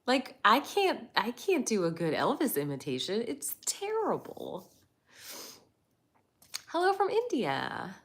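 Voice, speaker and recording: A woman's voice: medium pitch, huge pitch swings, measured pace, few pauses, a bit bright. A woman hosting a casual live chat, greeting viewers by name and laughing often as she talks. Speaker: livestream host.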